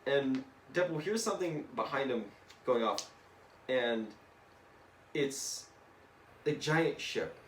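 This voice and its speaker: A young man casually retelling a comic story to a friend in an animated way, slipping into voices and swearing now and then. He is recorded from a distance in an echoey room. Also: mid-range voice, takes it slowly, pauses often. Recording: echoey room, distant mic, faint noise.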